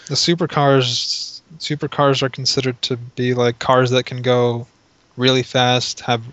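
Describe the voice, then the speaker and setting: Flat-voiced man chatting, lo-fi. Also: mid-range voice, dry recording. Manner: reads search results aloud, halting. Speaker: podcast co-host. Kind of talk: casual chat. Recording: dull lo-fi sound.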